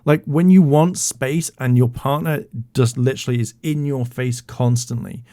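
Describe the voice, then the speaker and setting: A man ranting in blunt, profane YouTube commentary, his voice sitting at an ordinary middle pitch. He sounds indignant and heated throughout. The sound is close and dry, with no room echo. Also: moderate pace, dark tone.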